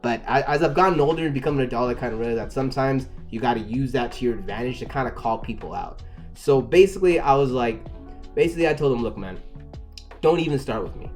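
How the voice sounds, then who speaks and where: Man, casual story time, repeats and restarts, gets heated, soft music behind. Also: mid-range voice, quick pace. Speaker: storyteller recounting a personal incident.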